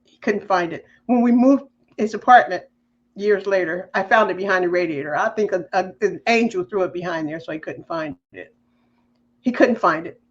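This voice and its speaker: A woman on a podcast, telling a personal faith story in a lively, emotional way. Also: lowish voice, normal speed, dull audio. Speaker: podcast guest.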